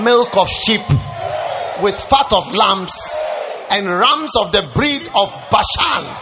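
A man pastor delivering a sermon, preaching with rising shouts and playful asides. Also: high-pitched.

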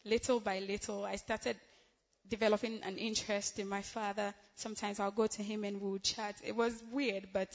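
Young woman from Ghana, church testimony, excitable with frequent laughs, dull echoey hall recording. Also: mid-range voice, moderate pace. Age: young adult. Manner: giggly, excitable, laughs often between phrases. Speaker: church member giving testimony.

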